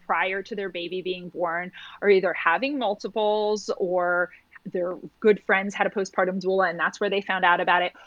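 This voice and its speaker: A woman's voice: on the low side, fairly even intonation, moderate pace, a bit bright, no echo, dull audio. A woman who works as a postpartum doula, talking in a podcast conversation and acting out little quoted exchanges as she explains.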